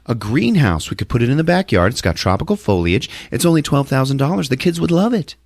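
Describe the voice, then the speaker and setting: A man's voice: medium pitch, very animated, fast talker, vocal fry, a little mellow, no room sound, clean studio sound, pitched above the performer's own voice. A man voicing a scheming insect housewife who coaxes her husband into a purchase. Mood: coaxing. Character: scheming suburban housewife, a bug in disguise.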